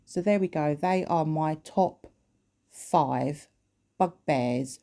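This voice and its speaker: Sarcastic vlogger with a mellow voice. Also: mid-range voice, slow. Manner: sarcastic, exasperated; mimics others in quoted asides. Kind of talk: casual countdown rant.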